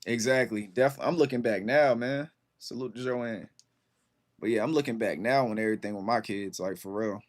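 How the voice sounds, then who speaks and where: Stream host, thirties man, easygoing and slangy, average pitch, chatty. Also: moderate pace. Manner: laid-back, rambling, lots of fillers and slang. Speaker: livestream host. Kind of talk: casual chat with viewers.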